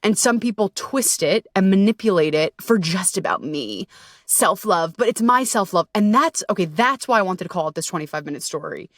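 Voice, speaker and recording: Telling a story on her own podcast, this host, who also works as a self-love coach, is frank, conversational and full of curse words and fillers like "like" and "you know." Her voice is mid-range and expressive at a normal speed. The studio sound is clean, with no room sound.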